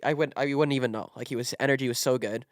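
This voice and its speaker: A man's voice: mid-range voice, rapid-fire, no room sound, studio quality. A young man telling a casual story with lots of fillers, acting out quotes. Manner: animated, filler-heavy, acts out quotes. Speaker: podcast guest, content creator.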